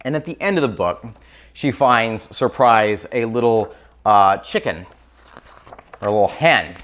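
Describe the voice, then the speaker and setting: Chatting casually on camera about children's picture books, a man sounds enthusiastic and leans heavily on fillers like um and like. His fairly low voice is a bit bright, a little slow, and lively in intonation.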